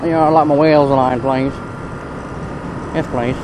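A man's voice: medium pitch, fairly even intonation, moderate pace. A young man riding a motorbike through town, swearing and ranting at other drivers in exasperated commentary. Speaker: motorcycle vlogger. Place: on a motorbike in town traffic outdoors. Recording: loud road and traffic noise.

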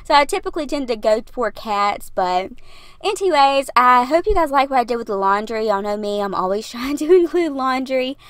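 A woman's voice: high-pitched, expressive, normal speed, a bit bright, clear, resonant tone, no room sound. A young woman, chatting breathlessly in a rambling, laughing voiceover, recorded in her parked car. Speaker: YouTuber narrating a build video. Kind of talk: casual voiceover.

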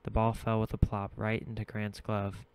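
A man reads a novel aloud in steady, measured narration. His voice is low and smooth, with a fairly flat line, recorded dry and close. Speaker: audiobook reader. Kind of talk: audiobook narration.

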